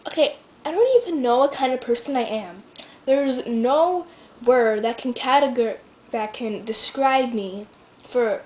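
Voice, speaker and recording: A woman's voice: on the high side, darkish tone, slight background noise, poor audio. A teenage girl telling a rambling vlog story, full of fillers and restarts. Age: teens. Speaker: vlogger.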